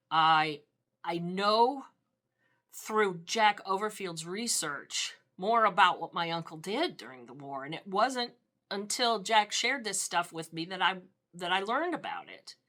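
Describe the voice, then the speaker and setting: An older woman speaking softly and heartfelt in a documentary interview, a little teary as she recalls family memories. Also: low-pitched. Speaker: interviewee, niece of a veteran. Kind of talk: documentary interview, reflective recollection.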